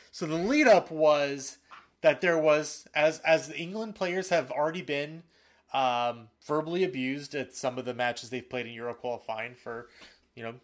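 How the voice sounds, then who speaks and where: A man co-hosting a soccer podcast in casual talk, animated and fired up, with frequent fillers and restarts. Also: mid-range voice. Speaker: podcast co-host.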